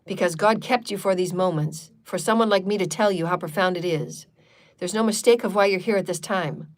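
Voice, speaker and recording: A woman with a mid-range voice hosts a live channeled spiritual talk at a brisk pace. She moves between repetitive, chant-like affirmations and loose, chatty asides, filling her speech with frequent fillers.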